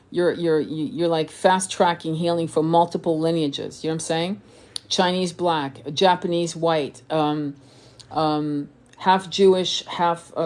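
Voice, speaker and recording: On a live stream where she reads comments, a woman born in France who works as a tarot reader and spiritual coach rambles, curses often, laughs a lot and keeps restarting. Her voice is on the low side with a darkish tone.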